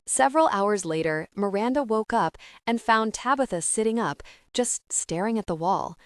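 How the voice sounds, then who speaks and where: A woman narrating an audiobook in a gentle storytelling manner. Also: mid-range voice, lively intonation, normal speed, no room sound, clean studio sound.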